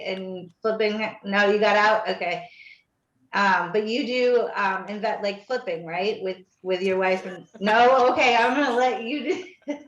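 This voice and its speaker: An enthusiastic woman hosting a coaching call, gushing and rambling in a middle-pitched voice. The audio sounds roomy and slightly dull, like a video call recorded in a bare room. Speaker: group coaching host. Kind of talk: casual video call talk.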